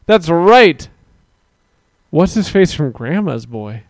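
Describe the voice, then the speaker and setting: A man's voice: fairly high pitch, very animated, takes it slowly, no room sound, clean studio sound. A man co-hosting a livestream, bantering crudely, laughing often and reading chat aloud. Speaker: livestream co-host.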